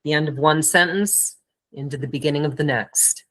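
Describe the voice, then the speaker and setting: A woman's voice: sits low, moderate pace, a bit bright. A woman hosting a podcast interview over a video call, asking curious short questions. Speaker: podcast host.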